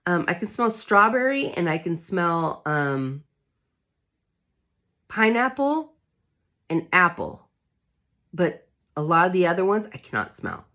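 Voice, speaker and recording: A woman's voice: fairly low pitch, fairly bright tone. A woman vlogger talking candidly to her viewers, emotional and determined as she recovers from illness. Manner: candid, emotional, fighting spirit. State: recovering from covid. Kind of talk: casual chat to camera.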